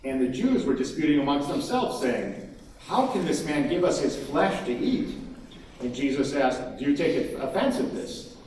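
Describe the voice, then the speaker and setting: A man giving a conference keynote, animated and emphatic, acting out quotes from crowds. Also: fairly high pitch, normal speed, slight background noise. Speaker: keynote speaker. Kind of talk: conference talk. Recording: echoey hall from far off, faint ambience.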